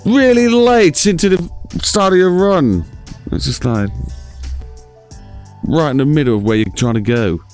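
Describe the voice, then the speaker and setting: A man's voice: a little high, a little slow, long pauses, a little mellow, faint music behind. A man casually commentating over his own driving game, chatty and self-mocking, talking straight to his viewers. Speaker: gaming channel host. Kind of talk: let's-play commentary.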